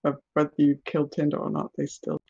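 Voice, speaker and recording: A game master narrating a tabletop game, pausing often with ums and uhs. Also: mid-range voice, completely flat delivery, creaky, darkish tone, husky, muffled recording. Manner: halting, with many ums and uhs.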